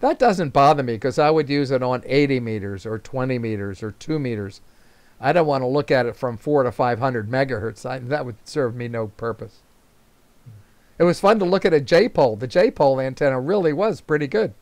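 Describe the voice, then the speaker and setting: An older man swaps stories at a club meeting over a video call, rambling from one anecdote to the next with chuckles and fillers. His voice sits at a middle pitch, and the sound is dry, close, and free of any room echo. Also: animated, normal speed, a little mellow. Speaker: invited speaker. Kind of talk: casual storytelling at a club meeting.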